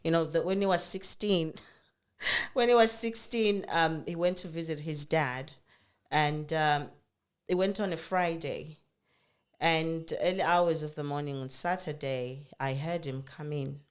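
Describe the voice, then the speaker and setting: A woman's voice: sits low, measured pace. A middle-aged woman from Africa, chatting casually and telling family stories with frequent laughs and restarts. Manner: animated storyteller, laughs often, many restarts. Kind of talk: casual chat.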